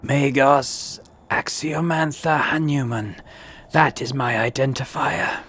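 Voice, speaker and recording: A woman's voice: extremely low pitch, takes it slowly, a bit bright, breathy edge, exaggerated voice. A woman voicing a dying, half-machine female tech-priest in a video game, speaking in cold, clipped, machine-like phrases. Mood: cryptic.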